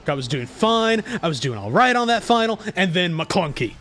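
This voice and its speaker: High-voiced, ranting male streamer. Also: very animated, a bit bright. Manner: profane, ranting, quick to anger. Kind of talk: casual gaming stream chat.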